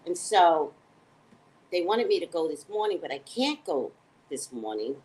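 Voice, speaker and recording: Her pace is measured, and the rough recording carries slight background noise. The speaker, an American woman, is a psychic hosting her own live morning show, chatting casually on the stream while rambling, digressing, swearing freely and joking at her own expense. She's animated and swings into high, excited tones.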